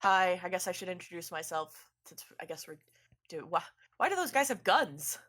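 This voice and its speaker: A weary male void being with a pale, featureless face, as a woman plays him in a tabletop game. He talks in a tired, flat way, as if he is fed up. His voice stays close to a normal speaking voice. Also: on the low side, normal speed.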